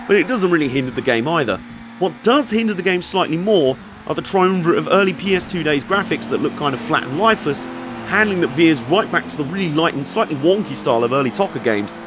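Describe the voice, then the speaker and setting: Brief: man, game reviewer, scripted narration, slightly high voice, wry and enthusiastic. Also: background noise. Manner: wry, enthusiastic, sarcastic asides.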